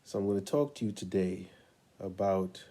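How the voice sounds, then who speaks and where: A middle-aged man, a parent coach, telling a story in a relaxed, unhurried way with many pauses. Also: deep voice. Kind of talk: casual storytelling talk to camera.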